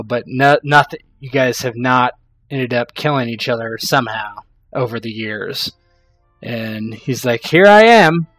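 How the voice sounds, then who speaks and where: A man with a mid-range voice runs a tabletop role-playing session as its game master. His narration is laid-back and meandering, filled with plenty of fillers.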